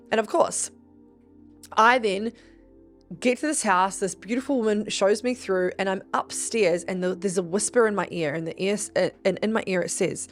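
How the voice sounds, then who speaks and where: A woman hosting a podcast, telling a personal story in casual chat, animated and swearing often, acting out the quoted voices with big jumps in pitch. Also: normal speed, soft background music. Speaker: podcast host. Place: Gold Coast region.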